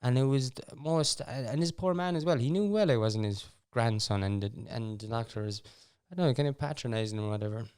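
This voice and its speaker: A man's voice: mid-range voice, a little fast, hardly any pauses, darkish tone, clean tone. A young Irish man hosting a podcast, telling stories in a rambling, casual way with wry asides and frequent restarts. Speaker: podcast host. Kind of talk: casual storytelling chat.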